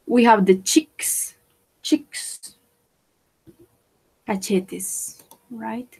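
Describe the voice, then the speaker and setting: A woman teaching English vocabulary, repeating each word slowly for pronunciation and switching into to explain. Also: a little high, vocal fry, a little mellow, slightly rough, rough recording. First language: Spanish. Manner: slow, repeats words for pronunciation. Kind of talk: bilingual vocabulary lesson.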